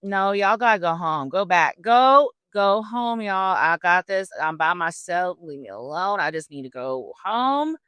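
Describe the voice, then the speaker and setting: A woman's voice: fairly low pitch, lively intonation, a little slow, few pauses, a bit bright, clean tone, dry recording. A woman voicing a bitter, grieving older widow who bluntly brushes everyone off in slangy speech. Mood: dismissive.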